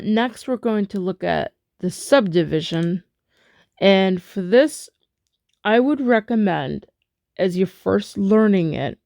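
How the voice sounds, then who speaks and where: Slow, gravelly-voiced woman teaching rhythm. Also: medium pitch, a little mellow, no room sound, studio quality. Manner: halting, chanting rhythm syllables. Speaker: music teacher. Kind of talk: spoken rhythm lesson.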